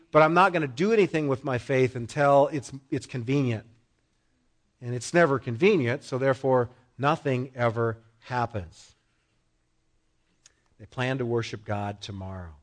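Emphatic man preaching a sermon. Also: fairly high pitch. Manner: emphatic, acts out quoted voices, repeats phrases. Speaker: pastor.

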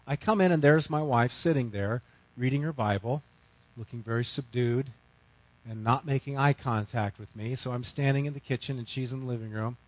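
A middle-aged man preaching a sermon, telling a story with big swings from loud outbursts to hushed, quiet lines. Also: medium pitch, normal speed, low-quality recording. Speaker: pastor.

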